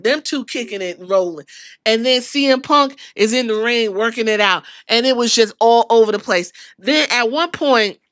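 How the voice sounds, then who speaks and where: A woman hosting a podcast, recapping events in a casual, profane, animated storytelling style. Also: fairly high pitch, clear, resonant tone, no echo. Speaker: podcast host.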